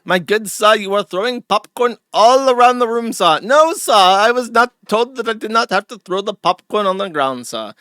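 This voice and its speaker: A man's voice: high-pitched, animated, normal speed, hardly any pauses, a bit bright, smooth, no room sound, clean studio sound, pitched above the performer's own voice. A man voicing an overly formal male moviegoer who bickers in exaggerated polite phrases. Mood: indignant.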